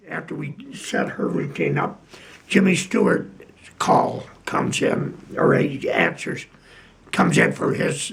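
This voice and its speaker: An older man, a retired piano player, telling old stories slowly with many pauses and fillers. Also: fairly high pitch, gravelly, a bit bright. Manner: slow, halting storytelling with many fillers. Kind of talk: casual anecdote.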